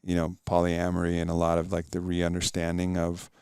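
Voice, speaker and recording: A man's voice: low-pitched, monotone, brisk, a little mellow, clear, resonant tone, no room sound, studio quality. A middle-aged man telling stories in an earnest, reflective way as a guest in a casual podcast interview.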